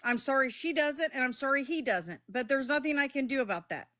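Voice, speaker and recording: Middle-aged woman streamer with a slightly high voice, defensive and blunt with chat, cursing freely. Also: a little fast, sharp tone. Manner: heated, defensive, swears, talks straight to chat. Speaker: live streamer. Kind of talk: live-stream chat with viewers.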